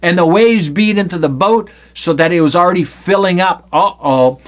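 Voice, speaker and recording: Brief: male Bible teacher, high voice, playful and lively, reads scripture aloud with jokes. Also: moderate pace.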